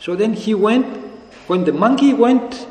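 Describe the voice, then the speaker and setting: A man slowly telling a folk tale in an echoey room. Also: sits high, expressive, dark tone. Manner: slow and explanatory, checks in with the listener. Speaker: storyteller. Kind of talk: oral retelling of a folk tale. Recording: echoey room with long reverb and faint ambience.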